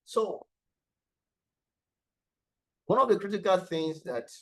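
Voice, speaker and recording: A man's voice: sits high, lively intonation, slow, rough recording. A man presenting an online lesson on design thinking, explaining step by step and repeating key words for emphasis, over a video call. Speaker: webinar presenter.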